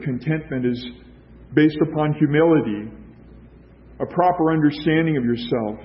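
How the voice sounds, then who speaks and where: A man delivers a sermon from the pulpit in a slightly raised voice. He preaches emphatically, building points through rhetorical questions and repetition. The recording sounds dull and lo-fi. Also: a little high. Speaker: pastor.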